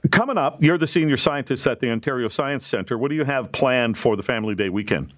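A man's voice: mid-range voice, brisk, fairly bright tone, a little hiss or hum. A man hosting a radio interview who makes joking asides as he introduces stories and questions his guest. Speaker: radio host.

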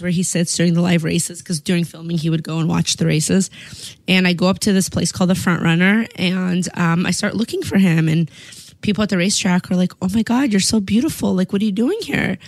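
A woman telling a long personal story in casual chat, animated and full of fillers like "like". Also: on the low side, dry recording. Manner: animated, chatty, lots of "like" and repeated words. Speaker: guest telling her story.

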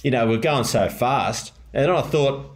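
A man's voice: medium pitch, measured pace, roomy sound. An Australian man hosting a podcast, telling a story in casual chat with lots of laughter and rambling restarts. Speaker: podcast host.

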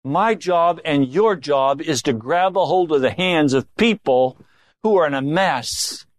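A man delivers a sermon with deliberate, unhurried pacing. He drops into low, confiding asides, then rises into forceful exhortation. The sound is dry and close, with no room echo. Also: lively intonation. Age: older. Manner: emphatic, swings from low confiding tones to raised exhortation. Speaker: preacher.

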